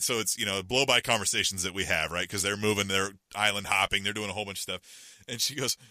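A man's voice: lowish voice, fast talker, pushed and bright, no room sound. A middle-aged man co-hosting a podcast, telling a rambling, self-mocking story in casual chat with lots of fillers. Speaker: podcast co-host.

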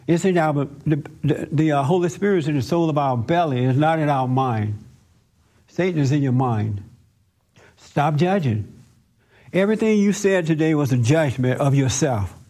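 A man with a fairly high-pitched voice teaches about faith and the mind, pressing each point with insistent repetition. He talks straight to his listeners in a counseling manner. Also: a little mellow. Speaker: spiritual teacher. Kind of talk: spiritual counseling talk.

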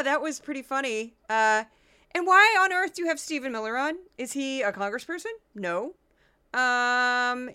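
A woman hosts a podcast with a bright, sharp-edged voice that sits a little high. She talks casually and sarcastically, with frequent laughter and lots of animation. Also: clean tone. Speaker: podcast host. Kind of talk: casual commentary.

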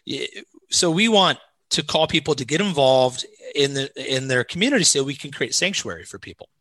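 A man speaking as a pastor and podcast guest gives practical, direct advice. His voice is bright and forceful, and it is recorded dry and close with no room echo. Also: medium pitch, expressive, normal speed. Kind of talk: casual interview talk.

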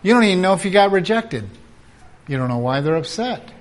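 A man preaching at a conference, animated and acting out quoted voices, sometimes dropping to a whisper. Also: high voice, a little fast. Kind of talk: conference sermon.

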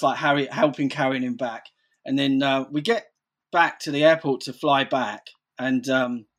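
A man's voice: medium pitch, a bit bright. A man telling stories in casual chat, rambling, swearing freely and saying "like" constantly.

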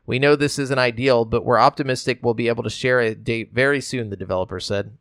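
A man's voice: mid-range voice, fairly even intonation, quick pace, a bit bright, no echo. Young guy on a podcast, reads news then rambles, dry close mic, mid voice. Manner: loose and chatty, filler-heavy, reads news quotes aloud. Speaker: podcast co-host. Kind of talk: casual chat, reading gaming news.

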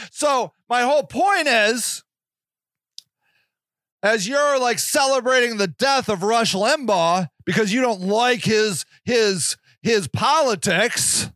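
High-voiced ranting man. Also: slow pace, fairly bright tone, no room sound, clean studio sound. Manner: profane, ranting, sarcastic. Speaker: podcast host. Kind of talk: casual monologue.

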